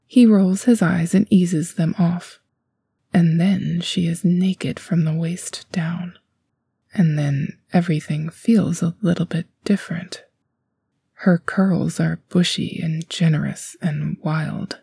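A woman giving a soft, unhurried whispered role-play reading of a story. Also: fairly low pitch, steady tone, vocal fry, slightly rough, dry recording. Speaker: reader.

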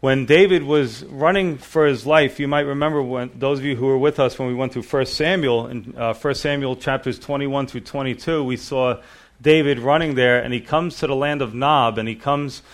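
A pastor giving a relaxed evening Bible sermon, retelling the story casually with lots of "you know.". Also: male voice, medium pitch, moderate pace.

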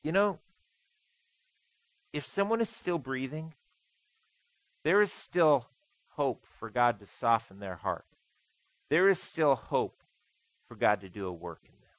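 A man's voice: medium pitch, animated, slow, long pauses, no room sound, poor audio. A man preaching a sermon as pastor, conversational with dry humor and emphatic repetition. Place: church sanctuary.

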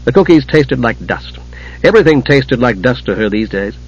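A man narrating an audiobook in a steady storytelling manner, husky-voiced. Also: mid-range voice, normal speed, highs cut off. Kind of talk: scripted narration.

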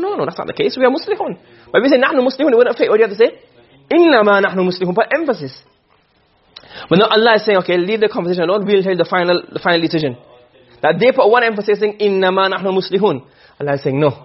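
A man's voice: sits high, lively intonation, very fast, slightly rough. A man teaching a classroom lesson on Quranic rhetoric, asking questions and answering them himself. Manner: asks and answers his own questions. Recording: dull lo-fi recording.

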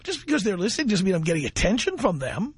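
Male radio host, high-ish voice, husky edge, brash and boastful, studio mic. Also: big pitch swings, quick pace. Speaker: radio talk show host. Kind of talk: radio talk monologue.

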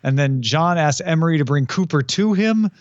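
Slightly high man with a dull, dry sound. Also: expressive, moderate pace, dry recording. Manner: plot summarizing, dry asides. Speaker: podcast co-host. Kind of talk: casual chat recapping a TV series.

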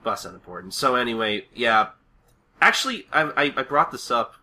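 A podcast co-host with a mid-range, sharp-toned voice talks fairly quickly and expressively. He recaps a cartoon episode in a loose, rambling way, swearing and laughing plenty.

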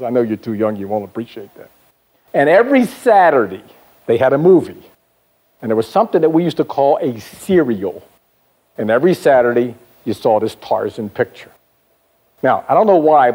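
An older man who works as a sales trainer tells a story from his childhood during a seminar talk. His mid-range voice climbs as the excitement builds, and he throws in chatty asides to the audience.

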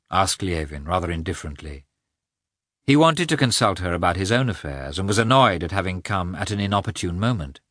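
A man reading a classic novel aloud as narrator, measured and expressive. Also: low-pitched, no echo, studio quality. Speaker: audiobook reader. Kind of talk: scripted narration.

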